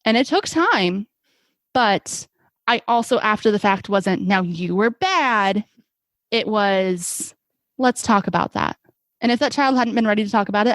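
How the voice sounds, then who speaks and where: A woman's voice: mid-range voice, no echo. Earnest young woman telling stories, dry. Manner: earnest, reflective storytelling with many fillers. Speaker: occupational therapist guest. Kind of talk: conversational podcast interview.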